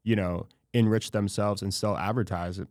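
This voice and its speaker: A male podcast host with a somewhat low voice, talking at length in a casual, wry way and tossing in self-aware asides. The recording is close and dry. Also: fairly even intonation, normal speed, a little mellow, dry recording. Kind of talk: casual chat.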